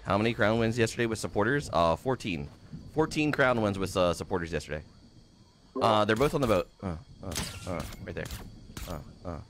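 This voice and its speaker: A man's voice: lowish voice, expressive, brisk, soft background music. A man streaming a game live, swearing freely and greeting his chat by name.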